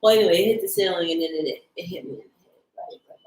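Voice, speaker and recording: A woman's voice: lowish voice, very fast, darkish tone, reverberant, poor audio. A woman co-hosting a podcast in casual, chatty talk. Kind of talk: casual chat.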